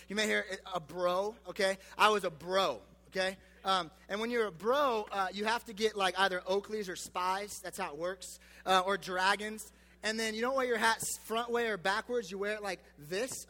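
Young male youth pastor, high bright voice, joking and casual, in a reverberant hall. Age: 20s. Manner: chatty, joking, self-deprecating, many fillers.

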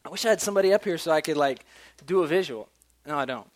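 Chatty, slightly high-voiced male preacher. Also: lively intonation, fast. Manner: casual, chatty, with many restarts. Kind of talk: sermon.

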